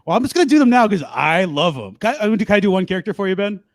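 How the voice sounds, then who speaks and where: A man performing stand-up from home over a video call, his voice a bit higher than most men's. He rambles through his stories in a self-deprecating way and bursts into loud, silly voices. The headset mic sounds close and dry. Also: sing-song, fast talker, no room sound. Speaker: stand-up comedian. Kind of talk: online stand-up set.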